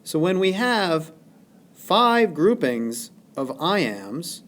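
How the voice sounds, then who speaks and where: A male teacher giving a recorded lesson, speaking deliberately and exaggerating stressed syllables. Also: on the high side, big pitch swings, a bit bright. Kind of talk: recorded classroom lesson narration.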